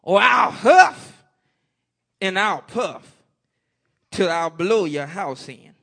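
Man doing a big bad wolf, storybook, high and loud, slow drawn-out threats, bright. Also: sing-song, full character voice. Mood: menacing. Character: big bad male wolf, sly and menacing.

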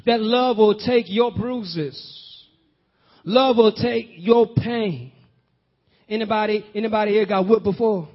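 A man's voice: high voice, unhurried. A man preaching a sermon, urging his congregation to answer back and building his points with rhythmic repetition. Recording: dull lo-fi recording.

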